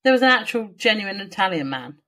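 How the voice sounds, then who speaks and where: A woman's voice: medium pitch, big pitch swings, fast talker, bright, forceful tone, rough recording. A woman co-hosting a podcast in casual chat, teasing and sarcastic, with casual swearing. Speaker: podcast co-host.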